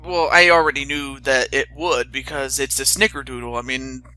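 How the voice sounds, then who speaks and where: A man's voice: mid-range voice, steady tone, normal speed, bright, forceful tone. A young man hosting a casual chat, rambling with stammering restarts and fillers. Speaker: host.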